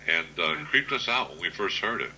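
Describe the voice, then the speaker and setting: A man in his sixties, a guest author, telling plainspoken stories at an unhurried pace in a casual interview. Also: low voice, expressive, sharp tone, a little hiss or hum, rough recording. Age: 60s.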